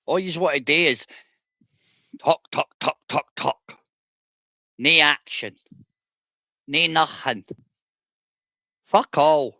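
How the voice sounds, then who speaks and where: A man's voice: a little high, takes it slowly, pauses often, sharp tone, dry recording, lo-fi sound. A man with an Edinburgh Scottish accent, a former soldier ranting profanely and confrontationally on a livestream while telling stories. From Scotland.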